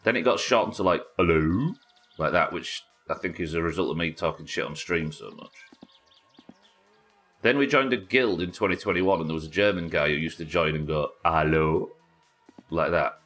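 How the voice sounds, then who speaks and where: With faint music behind him, a British streamer speaks briskly in a low, slightly bright voice. During his casual live gameplay chat he banters with viewers, reads their messages out and swears freely.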